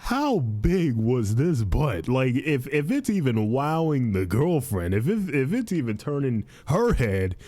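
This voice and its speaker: Talking a little slowly and with few pauses, this young podcast host comments on advice posts in a medium-pitched voice over a dry recording. His style is animated and repetitive, peppered with "dude" and "fiendish."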